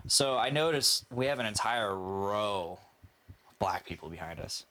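A man's voice: fairly low pitch, expressive, unhurried, bright, forceful tone. A man casually telling a rambling, swearing story among friends, often laughing.

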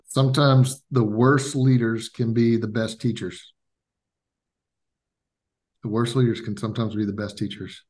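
A man hosting a podcast interview, who talks in a halting, earnest way and repeats his words. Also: medium pitch, little pitch movement, darkish tone. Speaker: podcast host. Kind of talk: casual interview talk.

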